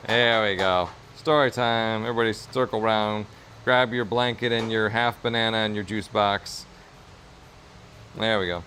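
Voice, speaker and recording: A man's voice: on the low side, fairly even intonation, normal speed, pushed and bright, slight background noise. Upbeat man chatting while crafting. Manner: upbeat, encouraging, rambling with fillers. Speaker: streamer and leather crafter. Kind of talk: casual livestream chat while crafting. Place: workshop at his business.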